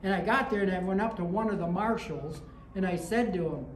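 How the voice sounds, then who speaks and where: A woman's voice: medium pitch, a little fast, a little hiss or hum. A woman pastor preaching a sermon in a conversational way, with anecdotes and rising emphasis. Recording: echoey room with faint ambience.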